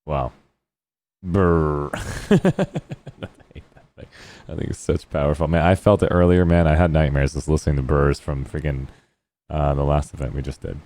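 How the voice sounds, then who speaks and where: A man's voice: very deep voice, flat delivery, brisk, warm tone. A man hosting a post-match debrief over voice chat, effusive and full of praise. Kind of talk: casual voice chat.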